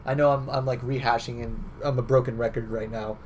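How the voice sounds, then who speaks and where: A man's voice: medium pitch, steady tone, brisk, a little mellow, slight background noise. A young man giving casual game coaching, chatty and loose, often tagging on "right?" and fillers. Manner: conversational, filler-heavy, repeats "right?".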